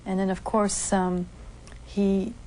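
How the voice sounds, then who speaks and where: A woman recounting personal memories in an interview, acting out what others said to her with lively shifts in voice. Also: medium pitch, takes it slowly. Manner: acts out quoted dialogue with lively shifts. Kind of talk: candid storytelling interview.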